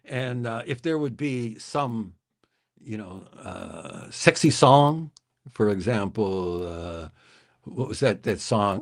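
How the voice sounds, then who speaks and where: A man's voice: mid-range voice, animated, slow pace. A man in his sixties, originally from the Chicago area, hosting a livestream and telling a rambling, hesitant story full of restarts. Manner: rambling, hesitant, self-interrupting. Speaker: livestream host.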